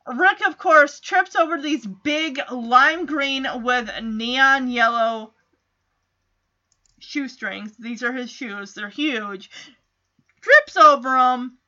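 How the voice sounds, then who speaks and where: A woman's voice: sits high, takes it slowly, sharp tone, dull audio. A woman chatting casually as she recaps a TV episode, giggling often as she goes. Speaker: show recapper.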